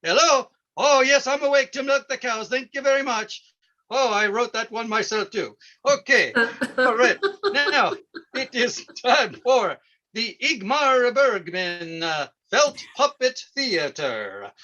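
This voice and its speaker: Man doing a corny old farm-show host, high and bright, drawn-out folksy delivery, dull lo-fi sound. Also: lively intonation, exaggerated voice. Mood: folksy cheerful. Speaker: stand-up comedian. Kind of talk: character stand-up bit.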